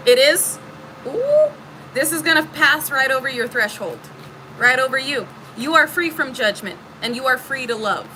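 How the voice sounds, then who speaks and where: A woman's voice: high voice, sharp tone, a little hiss or hum, low-quality recording. A woman giving a casual spiritual reading to her viewers, emphatic and preachy, swearing freely. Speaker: spiritual reader.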